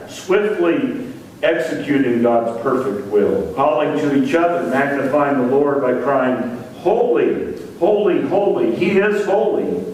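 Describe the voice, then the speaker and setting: A male pastor delivers a sermon from a distance in a church sanctuary. His voice echoes strongly through the room, with a faint hum of ambience behind it. He lifts his pitch and stresses the words he repeats. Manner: preaching with rising emphasis on repeated words. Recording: echoey church hall from far off.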